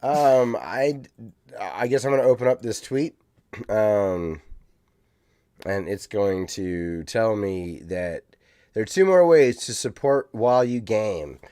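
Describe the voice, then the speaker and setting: Male podcast co-host, lower voice, relaxed and laid-back, reads listener comments, dry mic. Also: takes it slowly, no echo. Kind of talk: casual chat.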